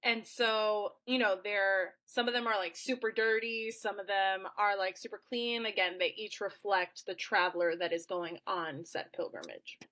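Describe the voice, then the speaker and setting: A woman's voice: medium pitch, normal speed, few pauses, sharp tone. Woman, podcast host, former teacher, casual chat, playful, laughing, many fillers.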